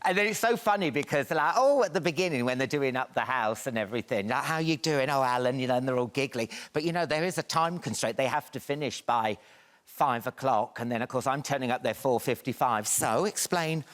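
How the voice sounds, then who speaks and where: A man's voice: medium pitch, quick pace, fairly bright tone. An English man on a talk show sofa, telling comic stories in a camp, giggly way and acting out other people's voices. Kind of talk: comic anecdote.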